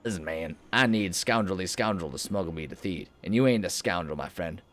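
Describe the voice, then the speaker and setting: A man doing a gruff male alien client with a low drawl, as read off a video game. The voice drops well below his usual pitch and stays quiet and heavy. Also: fairly quick.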